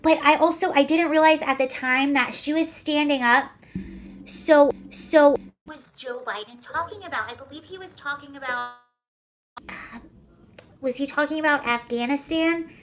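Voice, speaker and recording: A woman's voice: high voice, moderate pace. A young woman hosting a casual livestream, chatting sarcastically, laughing often and answering viewer comments. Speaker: livestream host.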